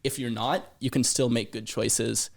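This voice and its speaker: This is a man with a gravelly, creaky voice at a middle pitch. He talks earnestly in a casual podcast chat in a home, often restarting and repeating words as he works through an argument. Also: steady tone, measured pace. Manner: earnest, repeats words while building a point. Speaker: fish shop co-founder. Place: living room of a home.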